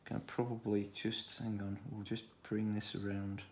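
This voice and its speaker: An art tutor from Stoke-on-Trent, England, leads a drawing tutorial for children in a low, gravelly voice with a Stoke accent. He speaks at a moderate pace and sounds relaxed, thinking aloud as he draws.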